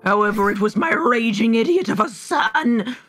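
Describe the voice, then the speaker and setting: A woman's voice: fairly high pitch, expressive, moderate pace, fairly bright tone, soft background music. A woman doing a haughty old duke in a mock accent. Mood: stiff formal. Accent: put-on mock British, drifting Scottish-Irish. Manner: haughty, stiffly formal and scolding. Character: stern old male duke, scolding father. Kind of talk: live manga reading with voices.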